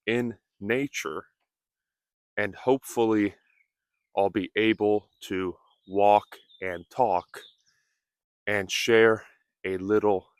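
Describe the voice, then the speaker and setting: Very slow, clear-voiced male English teacher. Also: lowish voice, dry recording, clean studio sound. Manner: speaks in short careful phrases, modelling pronunciation. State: slightly out of breath. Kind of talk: slow, deliberate teaching speech. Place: outdoors on a nature walk.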